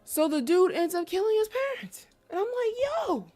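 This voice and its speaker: A woman streamer chatting casually on a live stream, telling stories in a lively, slangy way and exclaiming loudly in disbelief. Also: very high-pitched, moderate pace, faint music behind.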